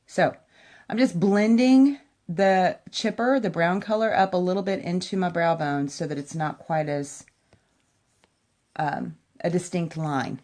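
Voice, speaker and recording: A woman's voice: fairly low pitch, measured pace, darkish tone. A woman giving a chatty, enthusiastic makeup tutorial at home, talking straight to her viewers. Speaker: makeup vlogger. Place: at home by a window.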